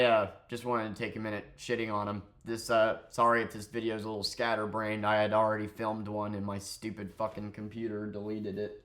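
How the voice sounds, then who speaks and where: A man's voice: on the low side, a bit bright. Profane, sarcastic young man ranting. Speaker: streamer and vlogger. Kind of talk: ranting commentary vlog.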